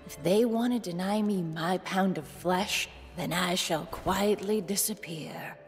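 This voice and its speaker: A woman's voice: lowish voice, measured pace, big-room sound, soft background music, natural voice. A woman voicing a scheming, gloating villain in a cartoon parody. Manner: gloating, theatrical.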